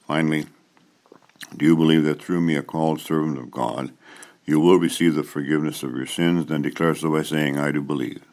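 A male pastor preaching and then leading confession, absolution and prayers in a solemn, measured way. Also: very deep voice. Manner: solemn, measured liturgical delivery. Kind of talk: sermon and liturgy.

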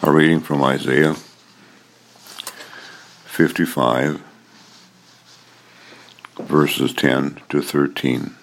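A male pastor leading a church liturgy of prayer, confession and absolution, in a slow, measured liturgical cadence. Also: a bass voice, fairly even intonation, vocal fry, a little hiss or hum. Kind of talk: liturgy and scripture reading.

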